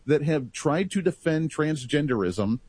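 A man talking in a casual political talk show, animated and rambling in long stretches. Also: a little high, unhurried, slightly rough, no echo.

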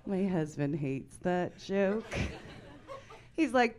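Speaking slowly in a mid-range voice, a comedian in her forties tells stories on stage. Her deadpan delivery keeps breaking into loud outbursts.

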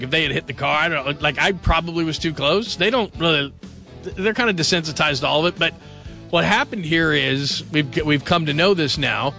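Gravelly, bright-voiced late-night radio host. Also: male voice, a little high. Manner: chatty, rambling, jokey. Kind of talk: casual radio talk. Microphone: studio microphone.

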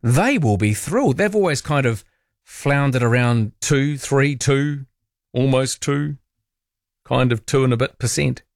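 A man's voice: medium pitch, a little slow, gravelly, no room sound, clean studio sound. A man hosting talkback radio, chatty and opinionated, musing aloud with playful asides.

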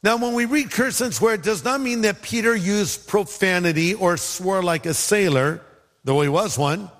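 A man's voice: high voice, moderate pace. A man preaching a sermon, telling a story with humor and acting out the voices of the people in it. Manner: animated storytelling, acts out quoted voices; humorous asides. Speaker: pastor. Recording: long hall reverb.

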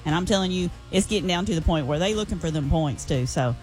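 A woman gives an excited, chatty radio report on the races. Her voice sits a little low for a woman, with faint music behind her. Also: fast. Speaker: racing reporter.

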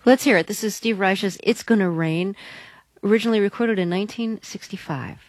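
A woman's voice: mid-range voice, brisk. Woman interviewer, direct and concise. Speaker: radio interviewer. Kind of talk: radio interview questions.

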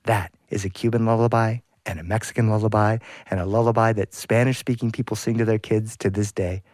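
Male storyteller, animated, sound effects, dry sound. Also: fairly low pitch, brisk, no echo. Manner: expressive, sound effects and sudden hushes.

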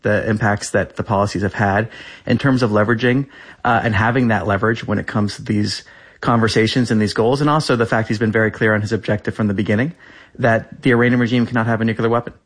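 Brisk man repeating official talking points. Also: fairly low pitch. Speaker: government spokesperson. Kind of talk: press interview answers.

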